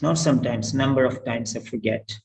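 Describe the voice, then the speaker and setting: A man's voice: medium pitch, a little fast, vocal fry, noisy background. A man teaching pronunciation in an online class, repeating each sound several times over. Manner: repetitive, drills sounds over and over.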